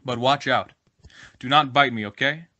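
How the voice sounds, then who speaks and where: A man's voice: mid-range voice, normal speed, pushed and bright, natural voice. A man voicing a generous, well-meaning male frog in a spoken fable, earnest and warning. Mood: cautioning.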